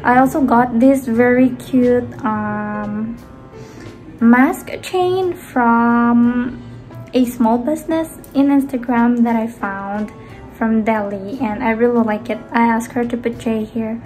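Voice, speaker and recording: Young woman from the Philippines, slightly high voice, rambling home vlog that trails off softly. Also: slow pace, soft background music. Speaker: vlogger. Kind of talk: casual chatty vlog. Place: indoors at home.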